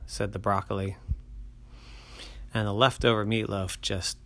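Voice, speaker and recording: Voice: deep voice, little pitch movement, moderate pace, gravelly, long pauses, a bit bright. A storyteller narrating a bedtime tale in a playful, sing-song way with whispered asides.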